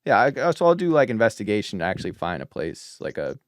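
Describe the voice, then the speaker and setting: A man's voice: fairly low pitch, huge pitch swings, fast talker, no room sound, studio quality. Hesitant man playing a tabletop game. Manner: hesitant, lots of fillers. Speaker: player. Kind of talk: casual tabletop game talk.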